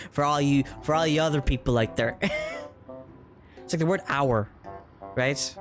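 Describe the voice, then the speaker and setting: A man streaming a video game, chatting in a fast, rambling way and laughing often. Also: mid-range voice. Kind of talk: casual gaming livestream commentary. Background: game music.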